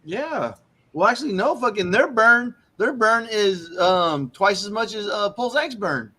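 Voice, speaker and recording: A man with a high voice in a relaxed group chat. He swears casually and makes fun of himself. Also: measured pace, breathy edge. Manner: relaxed, profane, self-deprecating.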